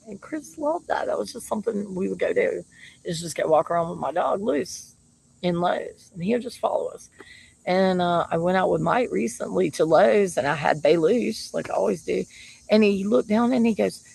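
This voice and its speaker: A woman's voice: fairly low pitch, vocal fry, a little mellow, slightly rough, rough recording. A woman talking casually about her partner, chatty and laughing often. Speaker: shaman. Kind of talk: casual monologue to camera.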